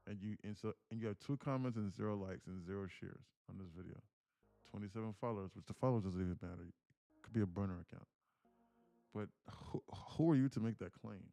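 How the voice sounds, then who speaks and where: A man livestreaming his day trading, telling stories in a slangy, animated way at home. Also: fairly low pitch, fast talker, creaky, faint music behind. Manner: animated storytelling, slangy, calls people bro. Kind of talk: casual livestream chat.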